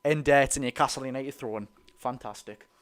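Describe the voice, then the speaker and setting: A man with a Geordie accent giving excited, rapid live football commentary as host of a fan watch-along, cheering his side on. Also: medium pitch, clean tone. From North East England. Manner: talks very fast; animated, cheers players on.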